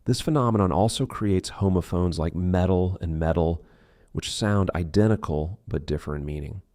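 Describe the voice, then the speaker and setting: A man teaching English pronunciation in a scripted lesson, slowly modeling example words one by one. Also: low-pitched, a little mellow, dry recording, clean studio sound.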